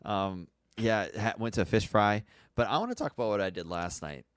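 A man's voice: on the low side, lively intonation, a little fast, clean tone, no room sound, studio quality. A man from Minnesota, co-hosting a podcast, telling a rambling story in casual chat with laughs. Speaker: podcast co-host.

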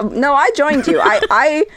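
A woman's voice: high-pitched, a bit bright, no room sound. A woman co-hosting a podcast in casual chat, talkative and prone to laughing and going off on tangents. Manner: chatty, tangential, laughs often. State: losing her voice. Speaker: podcast co-host.

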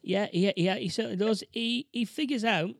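A man's voice: sits high, normal speed, creaky, no room sound, studio quality. A man co-hosting a casual chat about a film, interjecting with corrections and amused asides. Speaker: podcast co-host.

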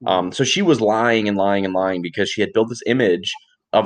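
A man's voice: lowish voice, moderate pace. Rambling, profane young man chatting. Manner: rambling, profane, animated storytelling. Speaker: podcast co-host. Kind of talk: casual chat.

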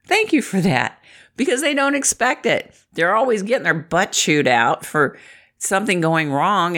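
A middle-aged woman from the Midwest speaks with a low, lively voice that rises and falls a lot. She talks to the viewer in a chatty, encouraging way, often laughing. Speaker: inspirational vlogger. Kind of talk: upbeat motivational talk to camera.

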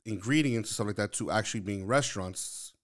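A man's voice: lowish voice, brisk. A man from New York chatting casually, rambling and searching for his words with lots of fillers. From New York, Lower East Side Manhattan. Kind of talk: casual chat.

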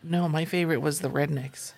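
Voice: mid-range voice, steady tone, fairly quick, creaky, a little mellow. A podcast co-host chatting casually, adding wry, teasing asides. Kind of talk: casual chat.

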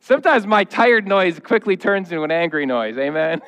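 A man's voice: high voice, lively intonation, moderate pace, fairly bright tone. A man in his thirties, a pastor, preaching a conversational, humorous sermon in a church. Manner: humorous, conversational, acting out noises and quotes. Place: church sanctuary.

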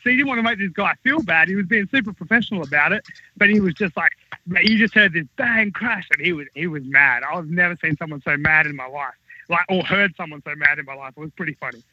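A man's voice: on the high side, fast talker, breathy edge, dry recording. A man who works as a wrestler tells a rambling, profane backstage story in casual podcast chat, on dull lo-fi podcast audio. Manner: rambling, profane, animated anecdote-telling. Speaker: wrestling talent recounting backstage stories.

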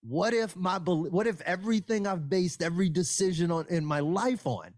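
Male podcast host, higher voice, animated, swears a lot, dry close sound. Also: normal speed, no echo. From Boston area. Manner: animated, swears freely, rants. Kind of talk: casual podcast chat.

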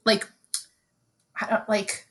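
A young woman from Brooklyn, co-hosting a podcast in casual chat, telling animated, profane stories and mimicking people. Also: takes it slowly. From Brooklyn, New York. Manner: animated storytelling, swears freely, mimics others. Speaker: podcast co-host.

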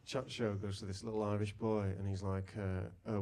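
A man's voice: lowish voice, flat delivery, fairly quick. A man from Blackpool, co-hosting a live comedy podcast with rude, blunt, jokey storytelling. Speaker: podcast co-host. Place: live venue with audience. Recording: live show with loud crowd.

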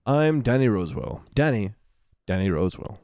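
A man's voice: lowish voice, sing-song, moderate pace, darkish tone, no room sound, studio quality. A man co-hosting a comedy podcast with playful, laughing asides. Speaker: podcast co-host. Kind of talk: casual comedy podcast chat.

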